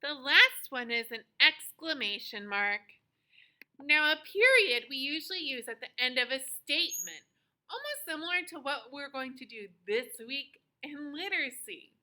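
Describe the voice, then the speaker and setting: A woman teaching a lesson to young children, cheerful and encouraging, with a sing-song delivery and slow, deliberate phrasing. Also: high voice, big pitch swings, bright, forceful tone, poor audio.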